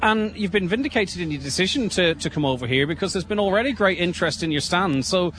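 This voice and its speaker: Man, Irish accent, radio presenter, upbeat, slightly high voice, outdoors. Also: expressive, quick pace, a little hiss or hum. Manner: upbeat, with shout-outs. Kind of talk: live outside broadcast. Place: outdoor show ground.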